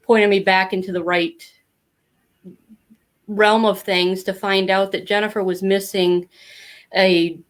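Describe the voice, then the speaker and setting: A woman's voice: mid-range voice, level tone, slow, pauses often. A middle-aged woman telling her family story as a podcast guest, candid and talkative, with many fillers. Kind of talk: casual interview storytelling.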